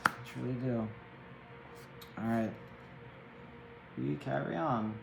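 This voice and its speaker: A man's voice: mid-range voice, fairly even intonation, slow, creaky, reverberant, loud music behind the voice, poor audio. A man giving a casual tarot reading, chatty and empathetic, rambling and checking in with the listener often. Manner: chatty, empathetic, rambling with many "right?" tags. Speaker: tarot reader.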